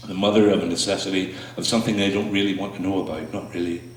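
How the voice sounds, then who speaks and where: A man with a low voice reads his spoken word poetry to a small audience. His delivery is slow and halting between pieces, full of small fillers and restarts. He sits some way from the mic, and the small room rings with a strong echo. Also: level tone. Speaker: poet performing his work. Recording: echoey room, mic far off.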